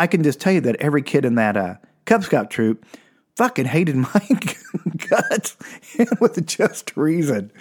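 Animated man telling stand-up stories. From Texas. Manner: animated, jumps into high mocking voices, laughs mid-line. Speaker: stand-up comedian. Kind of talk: stand-up storytelling.

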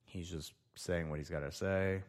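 A young man with a notably deep, low voice hosts a casual solo show. He rambles loosely, muttering to himself as he reads through each item. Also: fairly even intonation, normal speed. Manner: loose, rambling, talks to himself while reading. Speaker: podcast host.

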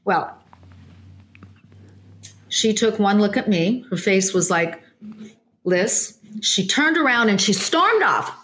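Woman medium, interview guest, mid-pitched, tells anecdotes in lively bursts with frequent restarts. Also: takes it slowly, long pauses. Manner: animated storytelling with many restarts.

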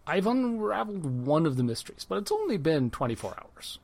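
A man running a tabletop game as game master, narrating in a playful, halting way. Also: high-pitched, big pitch swings, gravelly, a little mellow. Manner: playful, halting, many restarts.

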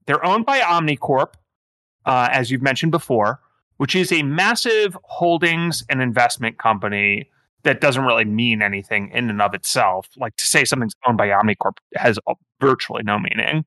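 Man, game master, rambling lore explanation, bright voice, dry close mic. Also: medium pitch, animated, normal speed, no room sound. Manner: rambling, filler-heavy explaining. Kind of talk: narrating a tabletop game.

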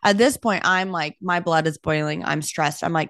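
A young woman, a realtor hosting her own podcast, telling a story in an animated, casual way and saying "like" a lot. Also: deep voice, a little fast, hardly any pauses, dry recording, studio quality. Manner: animated, talks with her hands, heavy use of "like".

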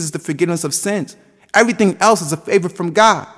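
A man's voice: high voice, fast, long reverb tail. A man in his twenties preaching a sermon with a passionate, sing-song cadence that rises and falls. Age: 20s.

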